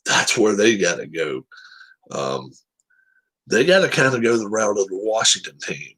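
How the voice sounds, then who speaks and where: A man's voice: fairly low pitch, very animated, normal speed, fairly bright tone, husky. A man hosting casual sports chat, giving blunt, profane, opinionated takes on football teams.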